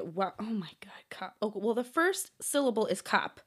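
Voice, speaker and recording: A young woman vlogging alone through a quiz, chatting casually to viewers, thinking out loud, stumbling over hard words and often breaking into giggles. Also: mid-range voice, sing-song, normal speed, hardly any pauses. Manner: giggly, bursts into loud laughter. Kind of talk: casual chat to camera.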